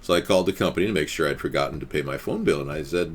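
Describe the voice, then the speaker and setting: A man's voice: rumbling low, very fast, few pauses, a little hiss or hum. A young man hosting a live stream, loosely chatting with many fillers and reading an article aloud.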